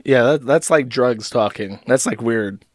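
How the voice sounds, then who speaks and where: A man's voice: medium pitch, measured pace, no echo, studio quality. A man giving sarcastic, profane commentary over video clips as the host of an online show.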